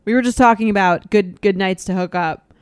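A woman's voice: medium pitch, fairly quick, smooth, no echo. A woman co-hosting a podcast, chatting casually and filling her talk with "like.". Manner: chatty, lots of "like" fillers. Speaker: podcast co-host. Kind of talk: casual banter.

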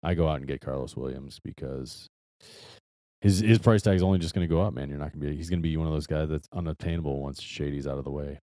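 A man's voice: a bass voice, quick pace, warm tone, dry recording, clean studio sound. A man co-hosting a sports podcast in casual chat, hesitant and full of restarts, then giving blunt opinions. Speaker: podcast co-host.

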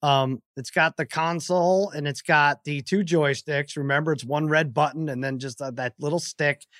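A middle-aged man on a podcast, telling a funny story in an animated way and acting out the people in it. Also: on the high side, normal speed, no room sound, studio quality. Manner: animated storyteller, raises his voice acting out scenes. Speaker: podcast guest. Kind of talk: casual chat.

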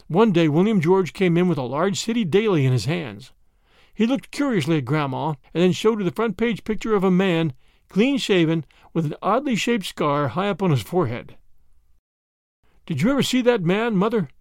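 A man narrating a classic short story as a podcast host, in an expressive storytelling way. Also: high-pitched, moderate pace, dry recording, clean studio sound.

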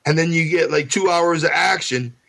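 A man's voice: a little high, normal speed, vocal fry, pushed and bright, rough recording. A man chatting casually on a podcast, rambling through anecdotes full of fillers and acted-out quotes. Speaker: podcast guest. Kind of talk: casual chat.

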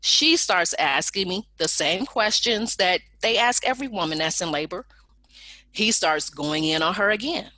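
A woman telling a personal story in a lively storytelling manner, acting out the people in it with raised voices. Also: medium pitch, moderate pace, dry recording. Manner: animated, acts out quoted people in raised voices.

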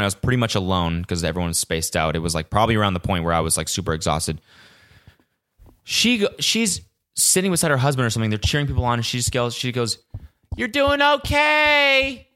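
A young man from California hosting a casual solo podcast, animated and profane, mimicking the voices of others as he tells a story. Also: medium pitch. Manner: animated, swears a lot, mimics cheering voices. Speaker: podcast host.

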